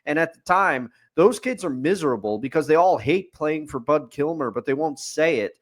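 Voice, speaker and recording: A man's voice: on the high side, lively intonation, moderate pace. A man co-hosting a podcast, giving a casual, opinionated movie review and ticking off his points like a running list. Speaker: podcast co-host.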